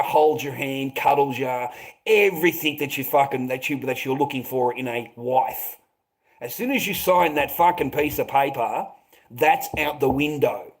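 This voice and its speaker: An Australian man hosting a livestream, giving blunt advice to viewers and swearing constantly while calling them mate. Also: medium pitch. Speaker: livestream host. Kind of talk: casual livestream chat answering viewers.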